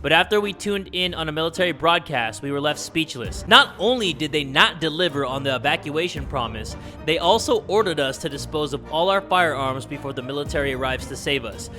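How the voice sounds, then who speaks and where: A young man casually commenting on a survival game, reading its text aloud and yelling at it. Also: a little high, fairly quick, hardly any pauses, soft background music. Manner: loud, excitable, yells and swears at the game. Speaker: gaming YouTuber. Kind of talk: let's play commentary.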